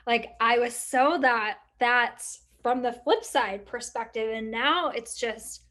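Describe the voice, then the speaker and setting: A middle-aged woman co-hosting a casual chat, reflecting in long, rambling thoughts full of fillers and lively quoted asides. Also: on the high side, slow pace. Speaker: podcast co-host.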